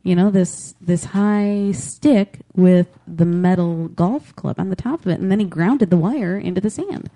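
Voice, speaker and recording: A woman's voice: lowish voice, measured pace, hardly any pauses, dark tone. A woman co-hosting a podcast, recapping episodes and chatting casually with an easy, amused manner. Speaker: podcast co-host. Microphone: headphones with a desk mic.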